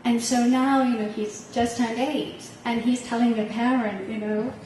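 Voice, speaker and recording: A woman's voice: on the high side, steady tone, measured pace, very noisy. A middle-aged woman, a parent on a panel, telling a heartfelt personal story with some laughter, recorded from a distance in a hall. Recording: echoey room heard from far off.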